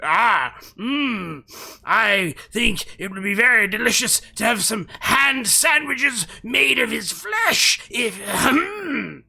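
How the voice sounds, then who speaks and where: A man's voice: extremely high pitch, animated, takes it slowly, pushed and bright, voice pushed up, full character voice. A man voicing a gluttonous male demon lobster lord who drawls and relishes his words in a tabletop game. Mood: gloating. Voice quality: gravelly, drawling.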